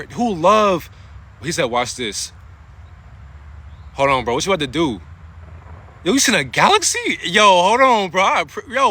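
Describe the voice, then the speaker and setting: Male streamer, bright and lively, slangy and preachy, keeps pausing to thank chat. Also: high-pitched. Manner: casual slang, often stops to thank viewers; passionate, preachy rhetorical questions. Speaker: livestreamer. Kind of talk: spiritual talk on a livestream.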